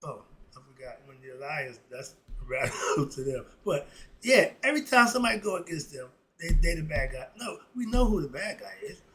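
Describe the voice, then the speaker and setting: A man with a notably high-pitched voice delivers a solo commentary monologue. He talks in a heated, sarcastic, rambling way. He keeps circling back to the same points. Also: big pitch swings, brisk, a bit bright, poor audio. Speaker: philosophy commentator.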